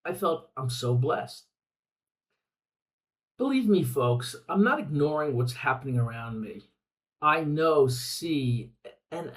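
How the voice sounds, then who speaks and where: Slow, earnest older man hosting a podcast. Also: a little high, recorded from a distance, low-quality recording. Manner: earnest, repeats phrases for emphasis. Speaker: podcast host. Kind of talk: reflective podcast monologue.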